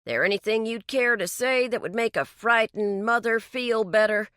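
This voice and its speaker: A woman, pitching a little above her natural voice, plays a patronizing, menacing male deputy whose speech is condescending and threatening. The acting is light, at a moderate pace, with a fairly bright, clear, resonant tone in a dry, clean studio recording.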